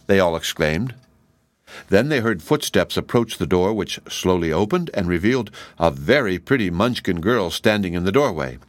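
A man reading a children's book aloud as an expressive storyteller. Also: low voice, normal speed, dry recording.

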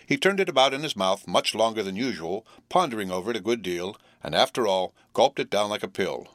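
A man giving a measured, expressive scripted narration of a classic novel. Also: fairly low pitch, no echo, clean studio sound. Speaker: audiobook narrator.

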